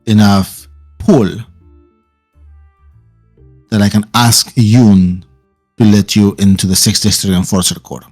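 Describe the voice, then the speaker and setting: A man doing a calculating male spymaster who speaks in a low, deliberate tone. He weighs each word and explains his schemes slowly and carefully, with faint music behind him. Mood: explaining. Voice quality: calm, deliberate delivery.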